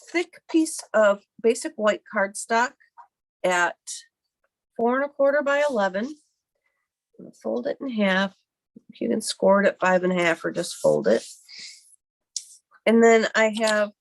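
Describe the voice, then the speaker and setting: A woman hosting a live card-making tutorial from her home craft desk, chatty and rambling as she thinks aloud, her voice a little hoarse from a cough. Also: mid-range voice. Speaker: card-making livestream host. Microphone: computer webcam mic at her desk.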